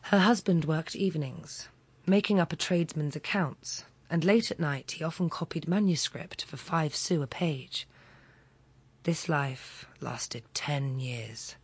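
A woman reads a classic story aloud, slow and deliberate, with dramatic weight on each phrase. Her voice is low-set and breathy, and the sound is close and dry. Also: no room sound. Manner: measured, dramatic, softly breathy. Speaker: audiobook reader. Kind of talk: scripted literary narration.

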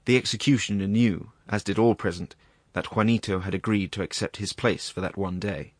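A man narrating a classic story in a measured, grave reading. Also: on the low side, no echo, clean studio sound.

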